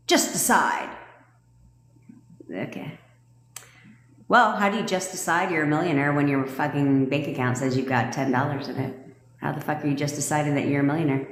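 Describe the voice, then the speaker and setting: Low-voiced woman, brash manifestation coach, swears freely and laughs between points; echoey room sound. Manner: blunt and profane, laughs often. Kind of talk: casual livestream talk. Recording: echoey room with long reverb.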